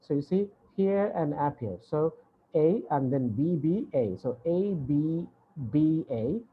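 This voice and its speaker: A man's voice: on the high side, lively intonation, a little slow, slightly rough, phone-quality sound. A male university English lecturer giving an online lecture, explaining patiently and repeating points with many hesitations. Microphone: video call.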